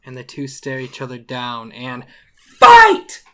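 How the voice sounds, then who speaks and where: A man narrates an improvised fight scene like a mock epic, then slips in crude jokes. His voice is bright and forceful at a middling pitch. He is a comedy podcast host. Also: flat delivery, moderate pace. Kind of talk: comic improvised storytelling.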